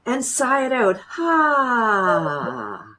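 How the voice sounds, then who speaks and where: Warm-up coach type: bubbly woman leading laughter and tapping exercises, giggling often. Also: mid-range voice, animated, moderate pace. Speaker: laughter yoga teacher, guest. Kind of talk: guided laughter exercise demo.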